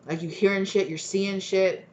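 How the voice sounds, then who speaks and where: A woman doing a casual tarot reading in a middle-pitched voice. She talks bluntly and rambles with plenty of fillers. She swears freely and acts out quoted reactions as she goes. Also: steady tone, moderate pace, a little mellow, highs cut off. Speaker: tarot reader.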